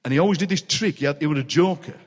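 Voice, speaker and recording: A man in his sixties with a Yorkshire accent, telling animated, laughing anecdotes as the guest poet of a live interview. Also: a little high, rapid-fire. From Yorkshire, England. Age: 60s. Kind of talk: comic storytelling in a live interview. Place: large city hall, live audience. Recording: reverberant hall.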